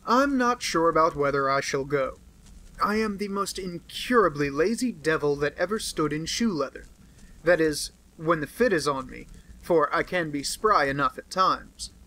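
A man voicing an aloof, brusque male detective in an audiobook, speaking in a crisp, lecturing manner. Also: a little high, animated, moderate pace, pushed and bright, rough recording. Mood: offhand. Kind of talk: audiobook character reading.

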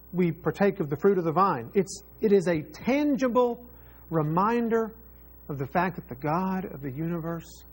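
Male pastor, sermon, high voice, husky tone, earnest, repeats phrases for emphasis.

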